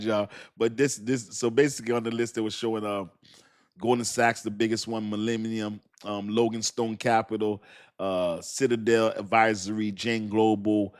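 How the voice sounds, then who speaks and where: Laughing, slangy man hosting a livestream. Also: mid-range voice. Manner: laughing, self-mocking, slangy and rambling. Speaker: crypto channel host. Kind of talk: casual livestream chat to viewers.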